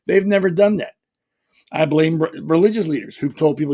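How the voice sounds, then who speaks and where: A man's voice: a little high, normal speed, a little mellow. A man hosting a podcast, delivering a blunt, combative political monologue with mocking asides and many restarts. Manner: repetitive restarts, frequent "you know". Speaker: podcast host. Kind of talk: opinionated political commentary monologue.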